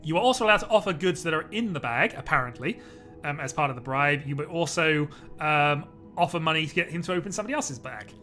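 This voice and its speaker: A man hosting a casual online board game, briskly explaining the rules to his friends. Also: on the high side, expressive, bright, forceful tone, faint music behind. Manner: brisk, chatty rule explaining.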